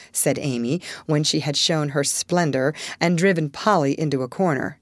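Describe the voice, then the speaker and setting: A woman narrates a classic novel aloud in a steady, clear reading style. Her voice sits on the low side for a woman. The recording is dry and close, with no room sound. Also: moderate pace, hardly any pauses, no room sound. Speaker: audiobook reader. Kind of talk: scripted narration.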